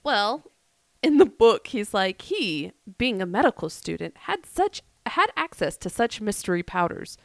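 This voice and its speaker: A woman's voice: medium pitch, very animated, measured pace, vocal fry, no echo. Laughing woman retelling a wild tale. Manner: laughing, jokey retelling with quoted voices. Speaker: podcast co-host. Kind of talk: casual storytelling chat.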